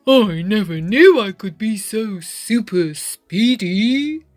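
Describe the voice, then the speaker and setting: A woman voicing an eager, good-natured young male octopus in a children's picture-book reading, with loud, bright exclamations. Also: medium pitch, lively intonation, slow pace, faint music behind. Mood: delighted.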